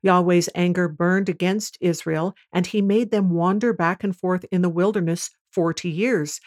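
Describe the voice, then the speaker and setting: A woman host reading scripture aloud at a measured, even pace. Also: fairly low pitch.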